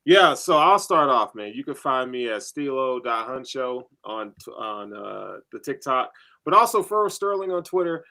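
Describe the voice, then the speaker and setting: A man's voice: mid-range voice, animated, moderate pace, vocal fry, bright, forceful tone. A man co-hosting a casual sports podcast, laid-back, with brief remarks. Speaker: podcast co-host.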